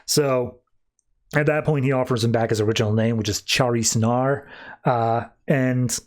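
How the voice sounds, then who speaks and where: A man's voice: medium pitch, steady tone, normal speed. A man hosting a podcast, casually retelling a comic book story in a loose, conversational way. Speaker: podcast host.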